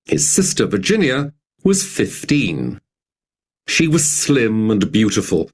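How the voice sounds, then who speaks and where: Male narrator, low voice, slow learner-paced reading, lively intonation, soft music behind. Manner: slow, clear, expressive reading.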